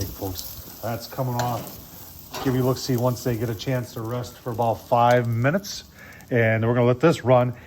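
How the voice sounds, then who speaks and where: Man, channel host, casual grill review, folksy, chatty, mid pitch. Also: a little hiss or hum.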